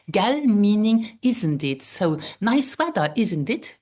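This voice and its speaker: A woman teaching a language lesson, repeating phrases slowly and checking in with the learner. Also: mid-range voice, big pitch swings, darkish tone.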